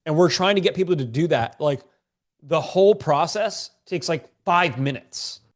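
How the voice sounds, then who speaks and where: A congested man runs a live-streamed business lesson in a loose, joking, slangy manner. His voice sits a touch higher than most men's. He addresses his viewers directly and keeps the tone informal. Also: lively intonation, moderate pace. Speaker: online business coach. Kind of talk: live-streamed teaching session.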